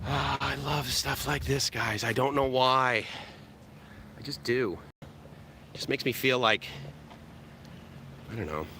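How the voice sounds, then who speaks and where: A man's voice: medium pitch, slow pace, pauses often, background noise. A man hosting a live walk-and-talk vlog by the sea, rambling and joking with viewers, recorded on a camera held out on a stick. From USA. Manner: rambling, joking, chuckling often. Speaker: vlogger, live-stream host. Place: outdoor seaside walkway. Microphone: camera on a selfie stick.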